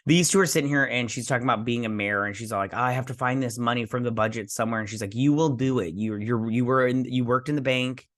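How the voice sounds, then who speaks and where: A fast-talking man with a medium-pitched, slightly bright voice and few pauses hosts a casual recap of a TV episode. He rambles along, acting out the characters' lines with "she's like" as he retells the scenes.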